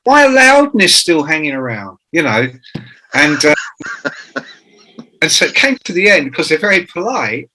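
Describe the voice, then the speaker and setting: Male guest in his 60s, swears freely, acts out quotes, bright crisp tone; fits an interview guest. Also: a little high, big pitch swings, moderate pace, pauses often, a little hiss or hum, poor audio. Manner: profane, jokey storyteller who acts out quotes. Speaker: author and guest. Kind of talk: anecdotal interview talk.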